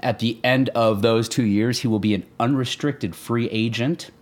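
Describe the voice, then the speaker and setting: A young man co-hosting a casual sports podcast, joking and excitable, his voice jumping up high when he gets animated. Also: moderate pace. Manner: excitable, jokey, pitch jumps up when animated. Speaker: podcast co-host.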